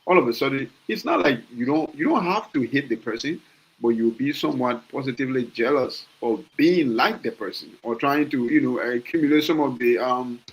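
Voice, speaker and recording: A man's voice: mid-range voice, a little fast, poor audio. A Liberian man with a Liberian accent talking casually on a podcast, passionate, often restarting phrases and asking rhetorical questions. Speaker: podcast host. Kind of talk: casual opinion talk.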